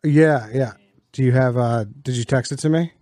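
A man's voice: mid-range voice, moderate pace, dark tone. A man co-hosting a podcast in casual chat, easygoing, with brief replies and joking asides. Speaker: podcast co-host.

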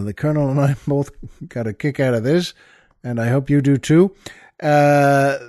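A man's voice: medium pitch, darkish tone, no room sound, studio quality. A man hosting a podcast in a casual monologue, rambling with many fillers and restarts. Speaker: podcast host.

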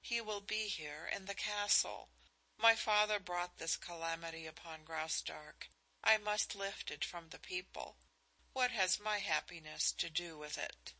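A woman's voice: a little slow, low-quality recording. Woman reading as a resigned young princess. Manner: low, steady, resigned. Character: young princess, dutiful and despairing.

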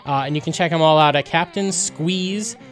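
A man's voice: fairly high pitch, normal speed, faint music behind. A man co-hosting a podcast, telling stories in a chatty way and laughing as he goes. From New York. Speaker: podcast co-host. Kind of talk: casual chat.

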